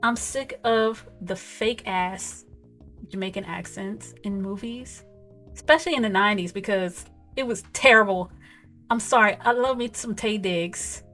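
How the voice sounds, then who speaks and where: A woman hosting a casual movie review, talking in an animated, emphatic way with lots of asides. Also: medium pitch, unhurried, soft background music. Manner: animated, emphatic, repeats "okay?" and "whatever". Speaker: film reviewer, host.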